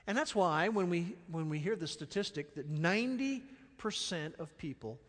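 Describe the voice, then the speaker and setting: High-voiced preacher in an echoing hall. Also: male voice. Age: middle-aged. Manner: animated, storytelling, with sudden soft, slow stresses. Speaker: pastor. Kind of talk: sermon. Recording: long reverb of a large hall.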